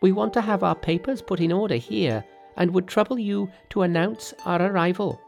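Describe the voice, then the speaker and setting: A man voicing a boastful, clever male monkey sage in an audiobook, talking in a brisk, haughty, self-assured way. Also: high voice, gravelly, darkish tone, soft background music, pitched above the performer's own voice. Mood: confident. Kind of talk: audiobook narration with character voices.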